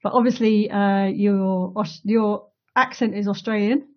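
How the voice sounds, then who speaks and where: A woman's voice: mid-range voice, fairly even intonation, measured pace, dull audio. A woman hosting a casual online interview, chatty, laughing easily and using many fillers, speaking over a video call. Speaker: host of an online community talk.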